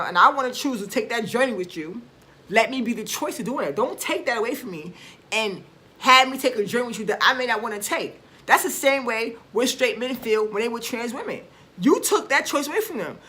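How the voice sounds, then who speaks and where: A woman's voice: on the high side, expressive, normal speed, sharp tone. A woman vlogger ranting to camera in a casual, blunt and profane way, with emphatic bursts and frequent restarts.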